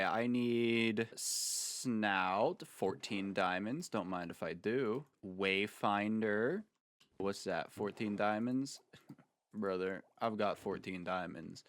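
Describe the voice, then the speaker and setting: Guy doing laid back game commentary, kinda low voice, dry close sound, goofy little asides. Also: animated, slow, fairly bright tone, clean tone, dry recording. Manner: jokey and rambling, with playful asides. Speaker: Minecraft video creator. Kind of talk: casual gameplay commentary.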